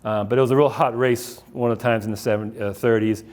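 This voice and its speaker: A man's voice: on the low side, fairly even intonation, quick pace, a little mellow. A middle-aged man, giving a casual talk about running, full of fillers and restarts. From Boston area. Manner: rambling, anecdotal, many fillers and restarts. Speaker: author giving a library talk.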